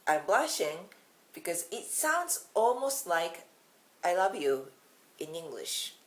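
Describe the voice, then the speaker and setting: A woman's voice: on the low side, very animated, slow, low-quality recording. A Japanese woman with a Japanese accent, teaching a casual video lesson in a chatty, giggly way. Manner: chatty, giggly, self-deprecating. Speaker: language teacher.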